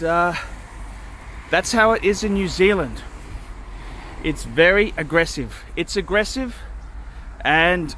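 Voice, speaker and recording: High-pitched guy ranting bluntly into his vlog, repeating himself, bit of traffic noise behind. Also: pushed and bright. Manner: blunt, repetitive, cynical rants. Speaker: vlogger. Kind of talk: casual vlog monologue. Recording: faint street and car noise.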